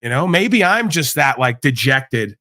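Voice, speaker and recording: A man's voice: mid-range voice, very animated, measured pace, bright, forceful tone, no room sound, studio quality. A man hosting a livestream, delivering a profane, combative, preachy rant. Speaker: livestream host. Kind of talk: ranting monologue.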